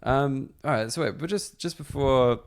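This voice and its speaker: A man's voice: medium pitch, normal speed. An Australian man hosting a podcast, chatty and laughing easily, with lots of fillers. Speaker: podcast host. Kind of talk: casual podcast chat.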